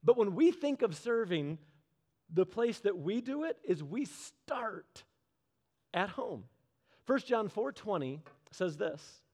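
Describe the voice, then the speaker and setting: A man preaching a sermon in a conversational way, asking the audience questions and slowing down low on key phrases. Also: sing-song, a little mellow.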